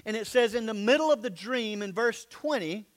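A male pastor with a high speaking voice, preaching in a dramatic storytelling manner. He swings from bold emphasis down to hushed, near-whispered lines. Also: lively intonation, moderate pace. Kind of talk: sermon.

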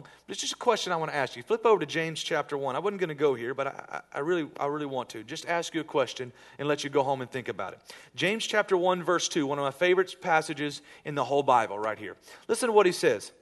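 A man is preaching to his congregation in a church sanctuary, his voice sitting a little higher than most. He moves between teaching and light humor, acting out small scenes as he goes. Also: lively intonation, quick pace, fairly bright tone. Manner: conversational preaching with jokes and acted-out asides. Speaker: pastor. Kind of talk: sermon.

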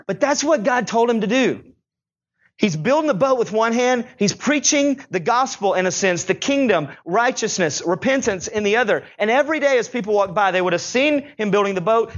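A man's voice: high voice, highs cut off. A male pastor preaching a sermon in a chatty style, with joking asides between Bible readings.

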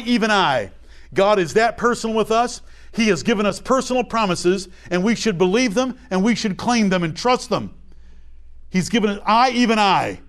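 A man's voice: sits high, a bit bright. A man leading a verse-by-verse Bible study, reading old scripture aloud and then explaining it in plain everyday talk, acting out small examples as he goes. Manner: acts out little voices and examples. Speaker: Bible teacher.

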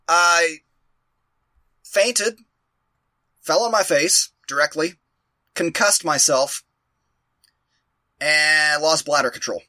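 Bright-voiced man telling a rambling story. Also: on the high side, drawn-out words, long pauses, dry recording. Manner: rambling, profane, self-mocking. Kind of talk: casual storytelling.

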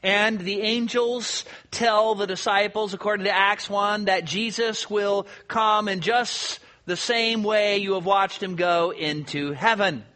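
A man's voice: sits high, fairly even intonation, a little slow, hardly any pauses, sharp tone. A man preaching a sermon to his congregation, conversational, posing rhetorical questions and answering them. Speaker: pastor.

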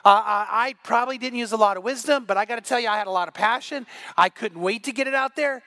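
A man's voice: very high-pitched, quick pace, sharp tone, no echo. A middle-aged man preaching a sermon as pastor, telling stories and acting out the voices in them. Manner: storytelling, acts out quoted voices.

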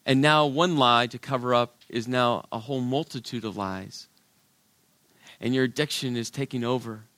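A middle-aged man preaches with real dynamics, rising to loud, emphatic points and then falling to near hushes. His voice sits at an ordinary male pitch. The sound is dry and close, with no room echo. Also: normal speed. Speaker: pastor. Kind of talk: sermon.

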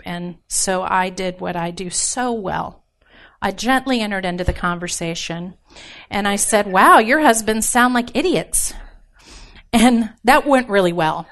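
A women's ministry speaker gives an informal, joking sermon on marriage, talking straight to her audience and asking for responses. Her voice is medium-pitched and a bit bright.

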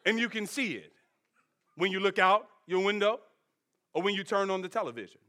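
Morpheus, as a preacher puts him on. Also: male voice, high-pitched, fairly quick, sharp tone, pitched below the performer's own voice. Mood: solemn. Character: calm, solemn male mentor from a sci-fi film.

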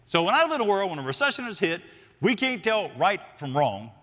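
A man preaching a sermon as a pastor, swinging between loud emphatic lines and near-whispered ones. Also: high voice, big pitch swings, a little fast, in a large hall.

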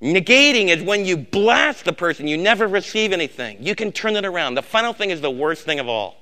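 An older man preaching a sermon as a pastor, swinging from loud exhortation down to low, quiet emphasis and repeating words for weight. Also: big pitch swings, a little fast.

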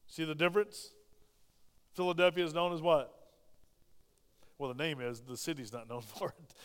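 Guy preaching a sermon, kinda high voice, smooth and clear, big church echo. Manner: animated preaching, acts out quotes with swings in loudness. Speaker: pastor. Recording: long hall reverb.

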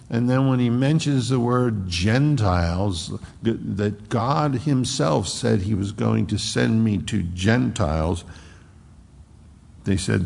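Slow gravelly preacher in a reverberant hall. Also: male voice, on the low side. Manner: animated, acts out Paul's pleas in a raised voice. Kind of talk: expository sermon.

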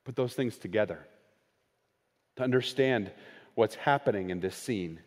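A man preaching a sermon, swinging between raised, quoted lines and hushed, slowed emphasis. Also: lowish voice. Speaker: pastor. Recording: long hall reverb.

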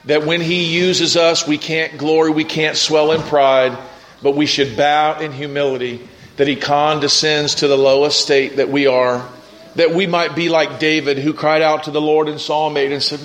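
A man preaching a sermon and leading a prayer as pastor, impassioned and climbing to high, fervent peaks. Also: level tone, moderate pace, a bit bright, low-quality recording.

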